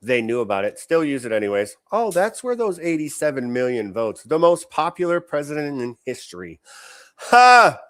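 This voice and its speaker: A man hosts a political commentary stream in a sarcastic, indignant, off-the-cuff way. His voice sits at an ordinary middle pitch. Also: sing-song, brisk, few pauses. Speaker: show host.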